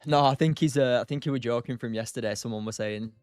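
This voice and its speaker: Talking fast in a mid-range voice with a darkish, clear, resonant tone, this young male host runs a casual day-trading livestream. He's chatty, laughs a lot, and responds to chat by name as he reads messages aloud. The mic is close and dry with no echo, over a faint music bed.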